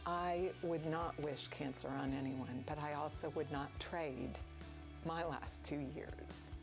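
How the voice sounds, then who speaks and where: A woman telling her story as a cancer survivor in a gentle, heartfelt, reflective way. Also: low voice, steady tone, slow pace. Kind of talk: reflective testimonial. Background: soft guitar music.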